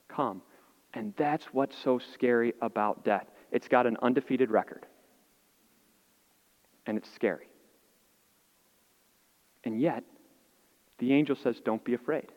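A male pastor preaching a sermon, earnest, with dramatic pauses and voice dropping soft on key words. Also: mid-range voice. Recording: muffled, long reverb of a large hall.

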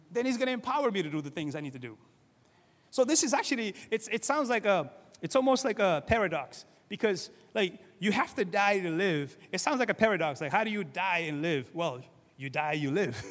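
A male pastor from Cape Verde, preaching in a lively, conversational way and often asking "right?", swinging between loud and soft. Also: high voice, in a large hall. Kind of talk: sermon.

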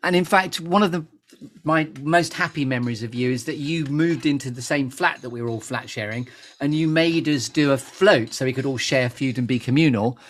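A man's voice: medium pitch, fairly quick. A man hosting a chatty live podcast interview, playful and theatrical, wandering off on tangents. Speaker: podcast host.

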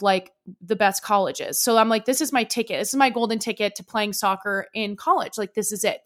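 Young woman podcaster rambling through a story, lots of like and swearing, mid-pitched voice. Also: fairly bright tone. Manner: chatty, swears freely, lots of "like". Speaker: podcast host. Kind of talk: casual storytelling monologue.

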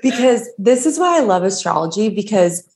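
A woman's voice: mid-range voice, big pitch swings, normal speed, darkish tone. A woman in her thirties hosting a casual podcast chat, gushing and chatty, with casual swearing. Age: 30s. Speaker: podcast host.

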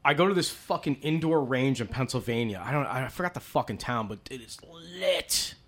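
A man's voice: mid-range voice, lively intonation, fairly quick, a bit bright. A man in casual chat, telling rambling stories full of swearing. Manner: profane, rambling storyteller.

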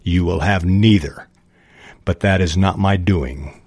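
A man's voice: sits low, slow, darkish tone, dry recording, full character voice. A man reading as a bitter, fallen old wizard. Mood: bitter, cold.

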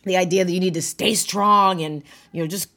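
A woman's voice: lowish voice, fairly even intonation, a little fast, gravelly, pushed and bright. Frank, emotional woman sharing her story. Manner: frank, emotional, laughs often, swears. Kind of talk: candid personal talk.

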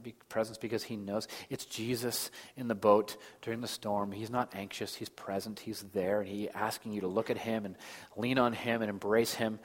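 Pastor preaching in a reverberant hall. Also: male voice, fairly low pitch. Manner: swings between loud emphasis and soft, hushed delivery. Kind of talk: sermon.

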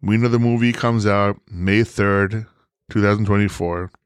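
Animated low-voiced man on movies. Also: a little slow, clean tone, dry recording, clean studio sound. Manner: animated, theatrical, profane. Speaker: podcast host. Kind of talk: casual movie talk.

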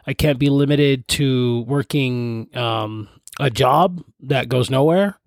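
Young man, solo reflective talk, slow and hesitant, dry close sound. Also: mid-range voice, gravelly, no echo. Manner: halting, thoughtful, many pauses and fillers. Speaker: podcast host.

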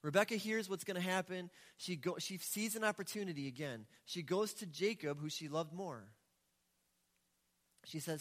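A man's voice: high voice, moderate pace, a bit bright. A male pastor delivering a sermon, retelling a story in a casual, conversational way. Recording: echoey hall with long reverb.

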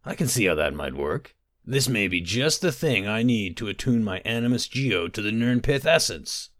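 A brusque old dwarven engineer with a low, scoffing storybook voice, read by a man. He talks down and lectures in a lively tone. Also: normal speed, dry recording, clean studio sound. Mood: musing. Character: dismissive older male dwarven engineer.

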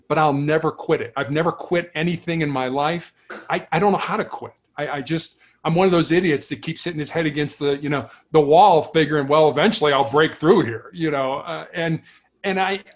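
A middle-aged man, a former police officer, telling stories earnestly in a conversational interview, often restarting and repeating words. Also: a little high. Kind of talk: reflective storytelling in conversation.

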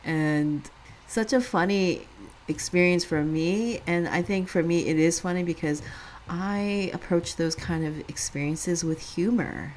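A woman in her thirties co-hosting a podcast, telling a personal story casually, often laughing and getting animated when she quotes others. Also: on the low side, unhurried, a little hiss or hum. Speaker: podcast co-host.

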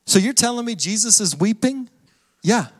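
A man's voice: high-pitched, expressive, normal speed, long reverb tail. A man preaching a sermon as pastor, with an earnest, repetitive cadence.

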